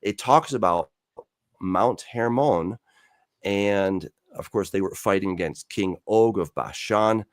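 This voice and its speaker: A man's voice: on the low side, slow pace, dry recording, clean studio sound. A man, a Bible teacher and author, explaining scripture in conversation. He tells the stories with animation, acts out dialogue, and often restarts with fillers. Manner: animated storyteller who acts out quoted dialogue.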